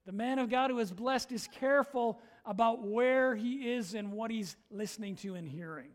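A middle-aged man preaches as pastor in an unusually high voice. He is earnest and emphatic, leaning hard on key words and then falling quiet to let a point land. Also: moderate pace. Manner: earnest, emphatic, swings between loud stresses and quiet drops. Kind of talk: sermon.

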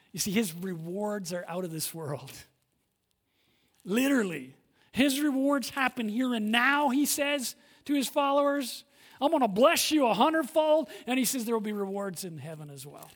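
A male pastor preaching a sermon with lively energy, swinging between loud emphasis and hushed moments, acting out quoted voices. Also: high-pitched, normal speed. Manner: acts out quoted voices of listeners and God.

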